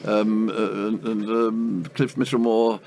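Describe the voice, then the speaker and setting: An older Englishman with a gravelly, creaky voice tells stories as an interview guest. He hesitates with ums and uhs and chuckles his way through anecdotes, over a faint background hum. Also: fairly low pitch, flat delivery, slow pace, a little mellow. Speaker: cricket commentator, interview guest.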